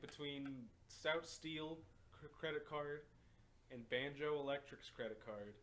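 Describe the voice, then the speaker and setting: Profane man telling stories. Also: medium pitch. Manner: profane, animated storytelling with laughs. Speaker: podcast co-host. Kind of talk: casual storytelling chat. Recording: faint background noise.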